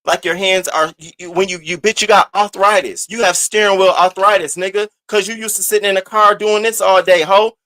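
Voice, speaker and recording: A man's voice: high voice, fairly even intonation, a little fast, hardly any pauses, sharp tone. A man hosting a live stream, ranting and taunting a rival with profane trash talk. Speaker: host. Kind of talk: roast-style live rant.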